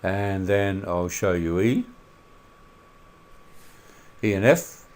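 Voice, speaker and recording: A man teaching a maths lesson over a screencast in a relaxed way, with many filler sounds and questions put to the students. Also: deep voice, extremely slow.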